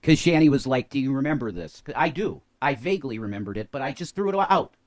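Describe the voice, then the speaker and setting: Emphatic man with a lively voice. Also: medium pitch, fast, dry recording, clean studio sound. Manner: emphatic, agreeing, blunt. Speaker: podcast co-host. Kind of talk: casual chat.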